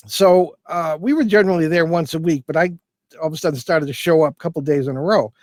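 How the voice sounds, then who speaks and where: Speaking fast with a slightly high, darkish voice and no room sound, this older paranormal investigator tells a long, loose story as an interview guest. He keeps restarting and filling pauses in the casual storytelling format.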